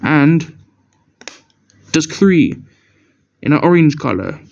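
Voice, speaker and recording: A man's voice: fairly high pitch, sing-song, slow, creaky, darkish tone, slight background noise. A young man casually showing off his DVD collection, rambling and correcting himself as he stumbles over words. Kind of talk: casual show-and-tell narration. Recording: dull lo-fi camera audio.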